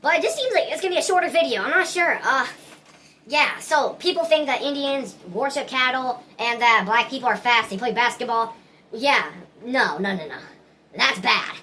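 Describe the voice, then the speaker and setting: Bright-voiced woman rambling earnestly. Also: high voice, lively intonation, moderate pace, a little hiss or hum. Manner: earnest, rambling, many restarts. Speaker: vlogger. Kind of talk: casual opinion monologue.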